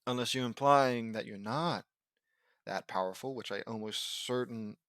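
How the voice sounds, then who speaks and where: A man with a sore throat reads fan fiction aloud, constantly breaking off into rambling, self-mocking chatter. His voice sits at an ordinary pitch. The home recording is dry and close. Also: moderate pace, a bit bright, clean tone, no echo. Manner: rambling, self-deprecating, easily sidetracked. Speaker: fan fiction audiobook reader.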